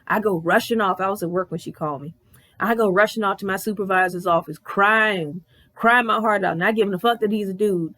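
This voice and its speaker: A woman in her thirties telling a personal story on her vlog in a candid, animated way, swearing freely. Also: medium pitch, brisk. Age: 30s. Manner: candid, profane, animated retelling. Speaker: vlogger.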